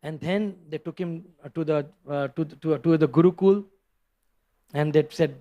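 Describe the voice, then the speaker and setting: High-voiced preacher. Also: male voice, moderate pace. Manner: animated, acts out characters, frequent restarts. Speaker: preacher giving a scripture class. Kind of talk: storytelling sermon.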